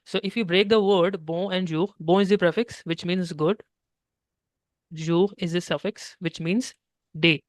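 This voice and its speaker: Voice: mid-range voice, steady tone, measured pace, no room sound. Patient teacher. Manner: patient, explains step by step, keeps checking with "okay". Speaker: French teacher. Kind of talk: one-on-one language lesson.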